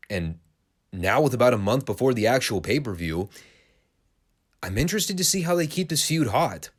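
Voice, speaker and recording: A man giving a blunt, opinionated solo review of a wrestling show, swearing casually as he talks. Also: medium pitch.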